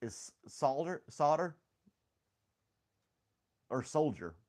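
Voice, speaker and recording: A man's voice: a little high, very animated, drawn-out words, darkish tone. A man hosting a casual livestream chat, rambling and joking, laughing often at himself. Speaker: host.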